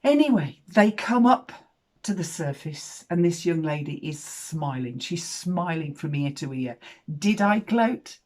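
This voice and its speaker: A woman in her fifties tells a personal story frankly, swearing and swinging in loudness for emphasis. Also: sits low, expressive, unhurried. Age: 50s.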